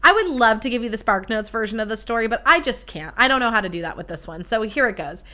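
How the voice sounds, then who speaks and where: Bright, brash young podcast woman. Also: a little high, quick pace. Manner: profane, animated storytelling. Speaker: podcast host. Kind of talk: casual storytelling.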